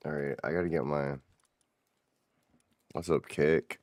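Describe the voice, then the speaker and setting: A man's voice: a bass voice, steady tone, a little slow, long pauses, a little mellow, dry recording, studio quality. A man streaming a game, chatting casually with viewers and swearing offhand as he plays. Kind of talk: casual gameplay commentary.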